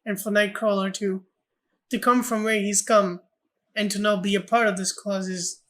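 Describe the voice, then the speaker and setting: An easygoing co-host on a casual film podcast, speaking at an ordinary middle pitch. The talk is thoughtful, with mostly short replies. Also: flat delivery, normal speed, bright, forceful tone.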